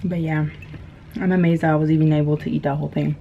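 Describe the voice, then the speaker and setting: Woman in her thirties, casual mukbang chat, low voice, dull lo-fi sound, faint hiss. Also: flat delivery, fast talker, gravelly. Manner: chatty, laughs often, many fillers. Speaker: mukbang vlogger. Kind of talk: casual storytelling while eating. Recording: dull lo-fi camera audio with faint noise.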